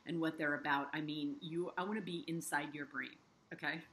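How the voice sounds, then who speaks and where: A woman's voice: low voice, fairly even intonation, a little fast, heavy background noise. A middle-aged woman interviewing an author, gushing with enthusiasm and tumbling over her own words. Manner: gushing, effusive, talks over herself with restarts. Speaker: interviewer and book reviewer.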